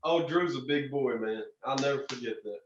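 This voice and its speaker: A young man, a racer guest telling animated stories in a casual interview. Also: mid-range voice, fairly quick, a little hiss or hum. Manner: animated storyteller, frequent restarts and "man". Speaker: drag racer and podcast guest. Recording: distant, roomy, dull lo-fi sound.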